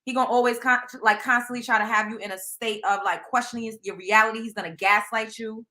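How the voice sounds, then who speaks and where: Here the same Southern-drawling host keeps her casual live stream moving fast, though her tone stays steady. Her voice is a bit high and bright; she speaks bluntly and with emphasis, throws in lots of slang, and repeatedly asks viewers what they think.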